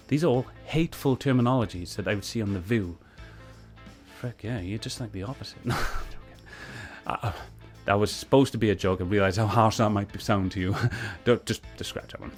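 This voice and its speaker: A man talks back at a clip he is reviewing, earnest and heated in his rebuttals. Faint music plays underneath his voice. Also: on the low side. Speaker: video reviewer. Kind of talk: reaction commentary on a clip.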